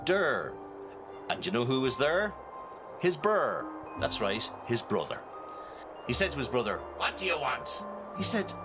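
A man with a Northern Irish accent telling a folk tale to children, playful and talking straight to his audience. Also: fairly low pitch. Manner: animated, playful, talks to the audience. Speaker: storyteller. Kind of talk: storytelling to children.

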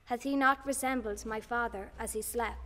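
A woman's voice: a little high, fairly even intonation, moderate pace, bright, forceful tone. An actress playing a scheming, fearful noblewoman in classical stage style, urgent and commanding. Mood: tense. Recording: long hall reverb.

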